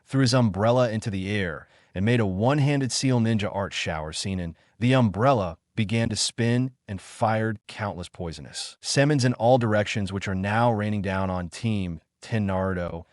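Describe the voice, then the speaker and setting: A man reads a fan-fiction story as scripted narration in a steady way. His voice sits low. The sound is dry and close. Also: moderate pace, few pauses, dry recording.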